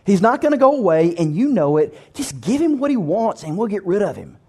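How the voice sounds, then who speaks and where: A man's voice: high-pitched, big pitch swings, brisk, mellow, slightly rough, full character voice. A man voicing an exasperated wife who bluntly tells her husband to give in. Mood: resigned.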